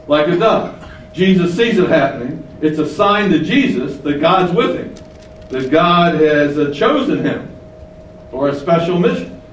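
A man preaching a Bible teaching sermon, swinging between emphatic rises and quiet low asides. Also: slight background noise. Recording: echoey room, voice from a distance.

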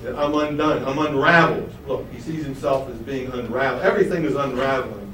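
A man's voice: mid-range voice, brisk, a bit bright, a little hiss or hum. Man teaching a Bible class in a roomy hall. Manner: asks the class questions and answers them himself. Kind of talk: Bible study lesson. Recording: roomy, mic at a distance.

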